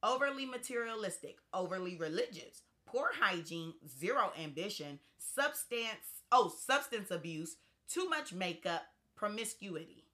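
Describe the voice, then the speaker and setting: Woman, podcast co-host, sassy asides, bright voice. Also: medium pitch, lively intonation, measured pace, few pauses. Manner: reads list aloud with sassy asides. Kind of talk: casual chat.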